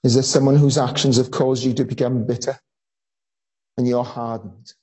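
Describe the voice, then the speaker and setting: A preacher giving a sermon, telling a story earnestly with frequent pauses and fillers. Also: mid-range voice, flat delivery, warm tone, husky, poor audio.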